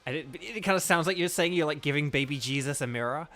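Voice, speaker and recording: Talking fast in a slightly high, fairly bright voice, a Northern Irish gaming YouTuber and voice actor gives loose let's-play commentary. He rambles, restarts sentences, and fills gaps with filler words.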